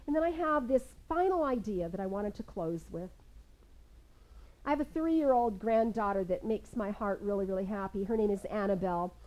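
An older woman minister giving a sermon to a seated congregation. She tells stories with lively energy, then slows into calm, measured guided prayer. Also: medium pitch, low-quality recording. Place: in front of a seated congregation in a room.

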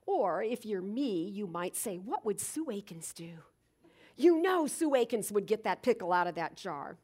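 A woman's voice: medium pitch, a little slow. A woman giving a reflective spiritual talk, telling everyday stories and acting out moments as she goes. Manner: animated storytelling, acts out moments. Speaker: spiritual speaker.

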